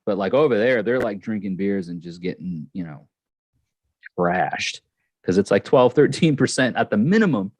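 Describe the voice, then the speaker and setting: A man's voice: fairly low pitch, lively intonation, normal speed, a little mellow, no echo. A man hosting a casual live stream, telling a long rambling story with many restarts and fillers. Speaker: channel host.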